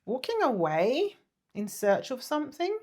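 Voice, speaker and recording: A woman giving a casual tarot reading, chatty and apologetic, drifting into soft murmurs and breathy sighs. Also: high-pitched, huge pitch swings, unhurried. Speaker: tarot reader.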